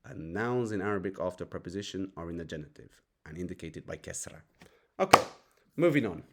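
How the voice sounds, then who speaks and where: A man's voice: low-pitched, expressive, fast, heavy background noise. A man teaching a grammar lesson, breaking example sentences down word by word with the occasional filler. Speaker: Arabic teacher.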